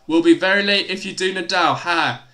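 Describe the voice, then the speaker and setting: A young man giving excitable live play-by-play tennis commentary on a stream, exclaiming at big points and chatting casually between them. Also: sits high, moderate pace.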